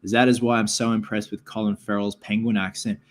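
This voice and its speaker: A man's voice: lowish voice, level tone, fairly quick. A man hosting a casual live-stream Q&A, rambling and chatty with lots of filler words as he reads viewer comments aloud. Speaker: livestream host.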